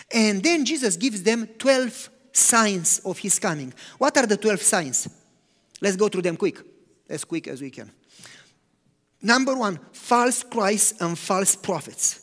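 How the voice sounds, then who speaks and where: A man preaching a sermon, animated, swinging between loud emphatic lines and hushed, quiet ones. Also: sits high. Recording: long hall reverb.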